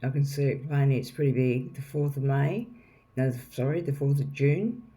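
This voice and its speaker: A man's voice: mid-range voice, normal speed, warm tone. A man giving a casual, rambling tarot reading to viewers, repeating himself and often checking in with "okay?". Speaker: tarot reader.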